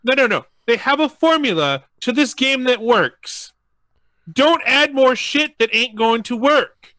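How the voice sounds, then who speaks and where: Man, podcast co-host, high pitch, bright, dry sound, blunt, emphatic, sweary. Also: expressive, a little slow, no echo. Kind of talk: casual opinionated chat.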